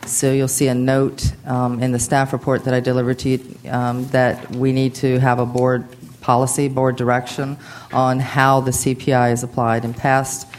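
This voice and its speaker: Hoarse, under-the-weather general manager at a board meeting, flat voice, rambly and casual with lots of ums. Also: medium pitch, normal speed, a little hiss or hum. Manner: chatty and informal, with many fillers and asides. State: hoarse, unwell. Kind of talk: staff report at a public board meeting.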